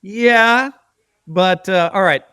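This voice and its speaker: A man's voice: high-pitched, takes it slowly, sharp tone, clean tone, dry recording, studio quality. A man hosting a casual sports podcast, ranting emphatically and bantering with his co-hosts. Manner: emphatic, bantering, rant-style delivery. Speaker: podcast host.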